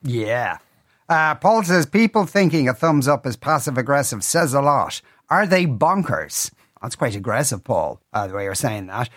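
A man's voice: mid-range voice, lively intonation, normal speed, a bit bright, dry recording. A man hosting a radio talk show, reading listener messages with wry, teasing banter. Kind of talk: casual radio chat. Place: radio studio. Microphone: studio mic.

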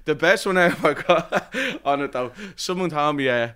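A man's voice: on the high side, normal speed, sharp tone, clear, resonant tone. A young man with a Dublin accent chatting casually as a streamer guest, rambling and swearing with lots of fillers. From Ireland. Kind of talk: casual podcast chat.

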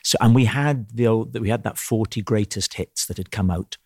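A Welsh man in his fifties, an animated guest chatting casually and slipping into impressions. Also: fairly low pitch, normal speed, slightly rough, dry recording, studio quality. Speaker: guest comedian. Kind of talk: casual conversation.

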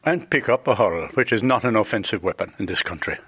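A man's voice: lowish voice, expressive, fast, fairly bright tone, slightly rough, dry recording. A man speaking as a judge in a radio interview, earnest and firm.

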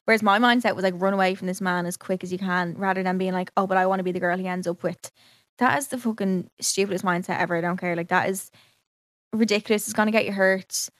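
A woman's voice: medium pitch, fairly even intonation, quick pace, no room sound, studio quality. A young woman, chatting casually as she tells a personal story and acts out both sides of each conversation. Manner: chatty, heavy use of "like", quotes herself and others. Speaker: vlogger.

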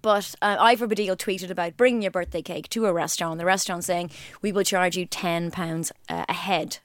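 Woman, thirties, teasing quick-witted host, dry close voice. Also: fairly low pitch, steady tone, no echo. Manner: teasing, quick-witted, runs lists of examples. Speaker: podcast host. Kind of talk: casual chat.

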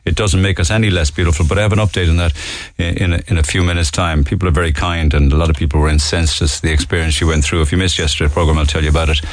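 An Irish man from Cork hosting a phone-in radio show, talking in a gentle, measured way with callers. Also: sits low, steady tone, no echo. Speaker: radio talk show host.

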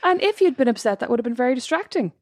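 A woman co-hosts a podcast, telling stories at a rapid clip. She laughs easily and pokes fun at herself, and she sits close to a dry mic. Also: sits high, lively intonation, a little mellow, no room sound. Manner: chatty, laughing, self-mocking. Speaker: podcast co-host. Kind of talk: casual chat.

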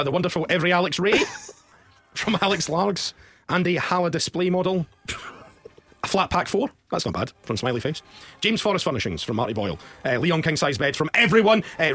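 A man's voice: on the high side, fairly bright tone. A man co-hosting a football podcast in casual chat, teasing and reading out listener jokes. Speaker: podcast co-host.

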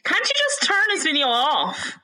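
A woman with a bright, crisp voice that sits a little high, talking over a laptop video call. She chats away loosely, laughs easily and drops casual swears as she tells her stories. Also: wildly swooping pitch, normal speed, low-quality recording. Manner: chatty, laughs a lot, swears freely. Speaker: podcast co-host. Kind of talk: casual chat.

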